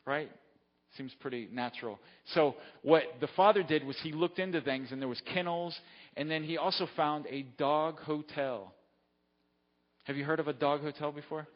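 A man's voice: on the high side, moderate pace. A man preaching a sermon, telling a story in a conversational way and often checking in with his listeners. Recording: dull lo-fi sound with long hall reverb.

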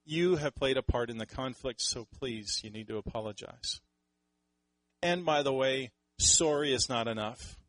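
A man's voice: medium pitch, normal speed, dry recording, low-quality recording. Conversational male preacher, dry close sound. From Canada. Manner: conversational, animated, mimics quoted people. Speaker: pastor. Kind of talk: sermon.

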